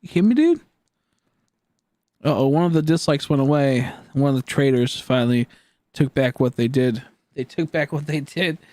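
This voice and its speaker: A man's voice: mid-range voice, steady tone, moderate pace, a little mellow, no room sound. A young man chatting on a gaming live stream, tired and goofy, with silly joking banter. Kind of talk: casual live-stream chat.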